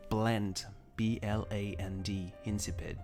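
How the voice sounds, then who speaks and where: A man with a lowish, creaky voice talks a little slowly against soft background music. French is his native language; he hosts a livestream, chatting casually, reading viewer comments, and rambling with restarted sentences as he replies.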